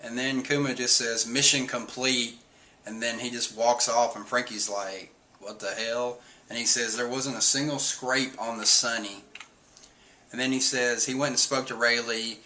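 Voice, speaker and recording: A man's voice: mid-range voice, steady tone, normal speed, bright, forceful tone. A man casually recapping a manga chapter in a rambling way, full of fillers, often reading out character lines.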